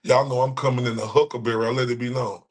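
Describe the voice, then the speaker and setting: This is a fast-talking man with a medium-pitched voice and fairly even intonation. Streaming from Dallas, Texas, he rants in a profane reaction, mocking with heavy insults and repeating himself.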